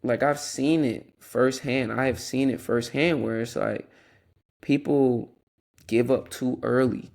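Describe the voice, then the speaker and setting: Young man with a gravelly voice. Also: medium pitch, steady tone, takes it slowly, darkish tone. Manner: earnest, rambling with restarts and asides. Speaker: podcast host. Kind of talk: casual solo Christian podcast talk.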